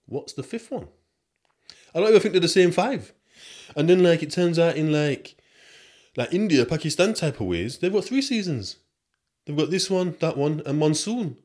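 A young man from the UK hosts a podcast, telling a chatty, rambling story in street slang and throwing asides to his listeners. His voice is fairly high, sing-song and a little mellow, at a moderate pace with frequent pauses.

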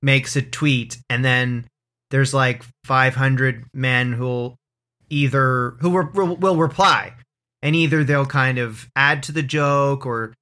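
A man's voice: medium pitch, steady tone, slow pace, sharp tone. A man co-hosting a comedy podcast, chatting loosely and joking with his co-host. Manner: loose, rambling, jokey. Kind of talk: casual comedy podcast chat.

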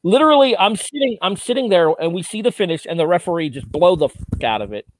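Higher-voiced man reviewing wrestling, dry sound. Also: animated, fast talker, no room sound. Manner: analytical, swears freely. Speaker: podcast co-host. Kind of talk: casual wrestling review chat.

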